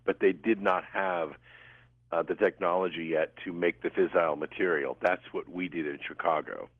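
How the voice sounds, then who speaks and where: A male radio guest calmly explaining things over the phone. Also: low voice, moderate pace, breathy edge, no room sound. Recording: tinny phone line.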